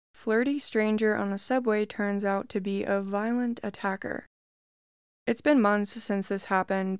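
A woman reads creepy reddit stories aloud in a steady, measured first-person voice. Her tone is smooth and clear at a middle pitch, recorded close and dry. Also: no room sound. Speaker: story narrator. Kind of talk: scripted narration of reddit horror stories.

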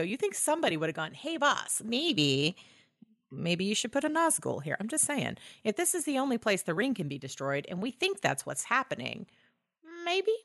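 A woman co-hosting a podcast, recapping a film in casual chat, laughing often, swearing and acting out lines in quick voices. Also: a little high, a bit bright, no echo, studio quality. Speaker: podcast co-host.

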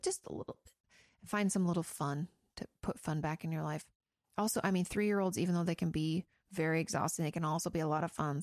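A woman's voice: on the low side, vocal fry, no room sound, studio quality. A frank woman who used to be a therapist, giving casual, chatty advice with some swearing. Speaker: host, former therapist answering listener questions.

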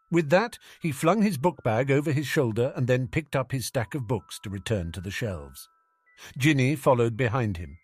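A man narrating a fan fiction audiobook with expressive storytelling. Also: fairly low pitch, normal speed, breathy edge, soft background music.

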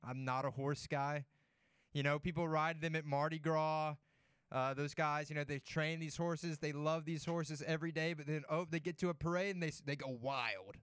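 A man's voice: fairly high pitch, fairly bright tone, smooth, dry recording, clean studio sound. A man co-hosting a sports talk show, telling rambling stories in casual chat and filling his talk with "like". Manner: rambling storyteller, heavy use of "like".

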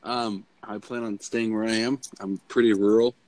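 A man's voice: on the low side, steady tone, normal speed, darkish tone, rough recording. A man co-hosting a casual podcast chat, rambling through stories and laughing at his own jokes. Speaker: podcast co-host.

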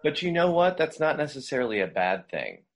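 A man's voice: medium pitch, sing-song, a little fast. A man speaking as a guest voice coach, giving conversational advice in a loose, rambling way with many fillers and restarts.

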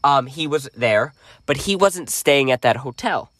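A man's voice: medium pitch, lively intonation, measured pace, fairly bright tone, no echo. A young man co-hosting a podcast in casual chat, who steers the story and cuts in with asides. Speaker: podcast co-host.

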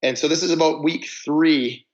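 A man's voice: a little high, fairly even intonation, normal speed, dull audio. A man guest on a podcast, telling casual stories about touring in a band, often restarting his sentences. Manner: rambling, self-interrupting storyteller. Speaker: musician guest. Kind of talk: casual storytelling interview.

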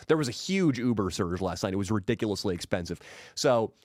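Dude telling crude road stories, voice bouncing all over, dry close mic. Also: male voice, fairly quick, dry recording. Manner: animated, profane, mimics people in high put-on voices. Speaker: podcast guest. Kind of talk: casual storytelling.

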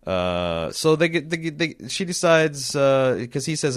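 A man's voice: fairly high pitch, sing-song, a little slow. A man co-hosting a podcast in casual chat, thinking aloud and swearing freely as he rambles through a story recap. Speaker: podcast co-host.

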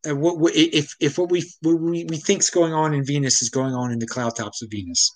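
A man's voice: on the high side, fairly even intonation, a little fast, poor audio. A man hosting his own show, delivering a casual, exasperated opinion monologue full of restarts, from the Baltimore area. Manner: ranting, exasperated, frequent restarts. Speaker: show host.

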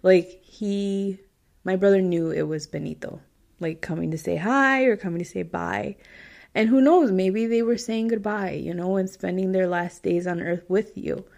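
A woman's voice: medium pitch, moderate pace, creaky, darkish tone. A woman hosts a podcast and reads listener stories in a loose, casual chat. She laughs easily, and she turns tearful over the sad parts. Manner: emotional, laughs often, tearful at times.

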